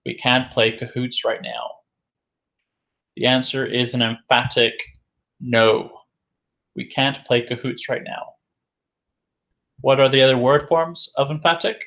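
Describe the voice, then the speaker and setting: A man teaching an English vocabulary lesson at a middle pitch, saying each new word two or three times. He asks the class a question and answers it himself. His delivery is slow, deliberate and patient. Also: level tone, a bit bright.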